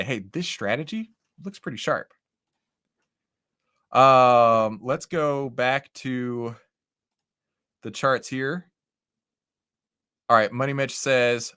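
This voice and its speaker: A man hosting a live stock-trading stream, chatting casually to viewers as he walks through charts and often asks "right?". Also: mid-range voice. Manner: lively, animated, talks with chat and charts; says "right?" and "okay?" often. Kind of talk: casual live market commentary.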